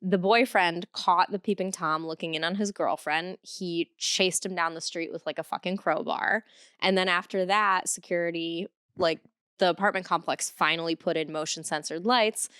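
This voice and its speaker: A woman's voice: fairly low pitch, fairly even intonation, moderate pace, fairly bright tone, smooth, no echo, clean studio sound. A woman in her thirties from Cleveland, hosting a podcast and telling stories candidly with frequent swearing. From Cleveland, USA. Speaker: podcast host. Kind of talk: casual chat.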